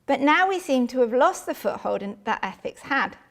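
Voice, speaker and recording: A woman giving a measured academic philosophy lecture in a lecture hall. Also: sits high, expressive, a bit bright. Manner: measured, reads out quotations.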